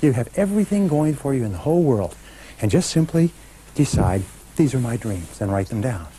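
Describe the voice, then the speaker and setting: A man's voice: mid-range voice, very animated, brisk, mellow, slight background noise, rough recording. A middle-aged man giving a motivational seminar talk, speaking emphatically and directly to a live audience. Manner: emphatic, talks straight to a live audience, leads call-and-response chants.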